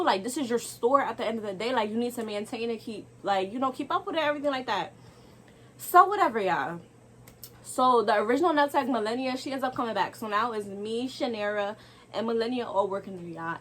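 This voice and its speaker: A young woman telling a casual storytime to camera, animated and exasperated, throwing rhetorical asides to viewers. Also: on the high side, a little hiss or hum.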